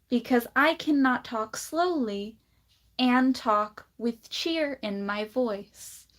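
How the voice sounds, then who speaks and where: Slow-talking woman with a slight lisp. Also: fairly high pitch. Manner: blunt, laughs often, drawls words out slowly. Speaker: livestreamer. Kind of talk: casual livestream chat.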